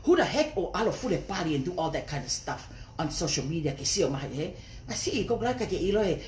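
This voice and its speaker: Young woman, heated live-stream rant, rapid and lively, roomy echo. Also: on the low side, slight background noise. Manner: confrontational, mixing Tongan and English. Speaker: livestreamer.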